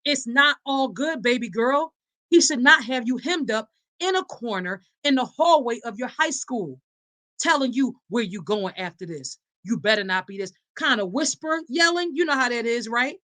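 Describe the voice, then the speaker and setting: A woman's voice: high voice, lively intonation, moderate pace, sharp tone. A woman hosting a live podcast speaks. She delivers each point with firm, preacher-like emphasis, talking straight to her audience and answering their comments as they come in. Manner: emphatic and preacherly, addressing listeners as y'all and reading live comments. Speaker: podcast host. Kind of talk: live-streamed advocacy talk.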